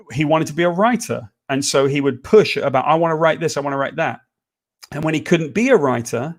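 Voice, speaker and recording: A man co-hosting a casual chat, telling a long story with lively, profane energy. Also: a little high. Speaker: co-host.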